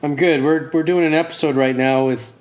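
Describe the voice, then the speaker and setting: A man's voice: on the high side, fairly even intonation, fairly quick. A man co-hosting a casual podcast in a laid-back, playful way, laughing often. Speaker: podcast co-host.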